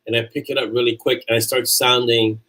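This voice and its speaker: A man from New York hosts a relaxed livestream and chats with his audience. His voice sits at an ordinary middle pitch. He talks in a loose, rambling way and breaks off to restart his sentences. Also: fairly quick, rough recording. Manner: chatty and loose, frequent restarts. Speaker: author hosting a livestream. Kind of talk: casual livestream chat reading viewer comments.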